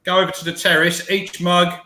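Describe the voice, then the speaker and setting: A man co-hosting a casual podcast, relaxed and loose as he passes on news. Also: high-pitched, brisk, reverberant. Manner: relaxed, loose, some fillers. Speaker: podcast co-host.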